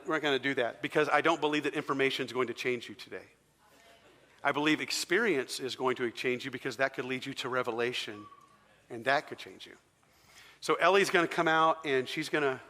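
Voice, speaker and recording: A man's voice: medium pitch, pushed and bright. A man preaching a sermon in a large church hall, talking to the congregation conversationally and asking them questions. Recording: long hall reverb.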